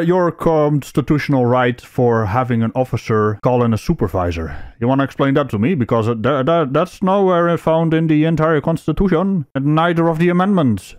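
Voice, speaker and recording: A man's voice: on the high side, no echo, studio quality. A man with a Dutch accent giving sarcastic, mocking commentary over a video.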